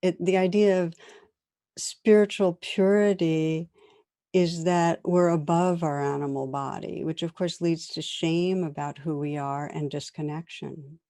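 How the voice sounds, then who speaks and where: Low, mellow-voiced woman meditation teacher. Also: fairly even intonation, a little slow, no echo, clean studio sound. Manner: conversational, gentle laughs while telling stories. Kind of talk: dharma talk to a class.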